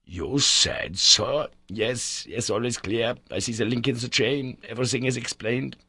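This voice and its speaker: A man voicing an excitable, eccentric old male professor who stammers when flustered. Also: medium pitch, measured pace, slightly rough, dry recording, exaggerated voice. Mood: excited.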